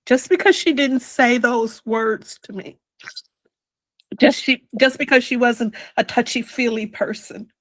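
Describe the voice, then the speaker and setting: Older woman, interview guest, slow reflective storytelling, slightly high voice, dry close sound. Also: steady tone, no room sound, rough recording. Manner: slow and reflective, drops to a whisper on quoted words.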